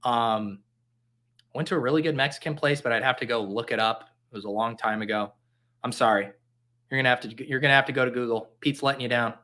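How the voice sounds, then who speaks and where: A man's voice: mid-range voice, fast talker, pushed and bright. A man hosting a casual livestream, joking and reading chat aloud in a mock-earnest way. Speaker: fantasy football streamer. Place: home basement.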